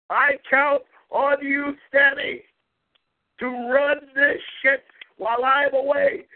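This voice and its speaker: A man's voice: very high-pitched, gravelly. A man hosting a talk show, ranting profanely, taunting rivals and repeating a catchphrase. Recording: tinny phone-like audio.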